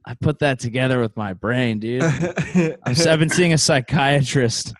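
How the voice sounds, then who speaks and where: A man's voice: mid-range voice, measured pace. A man chatting casually over a video call, joking around and slipping into goofy voices.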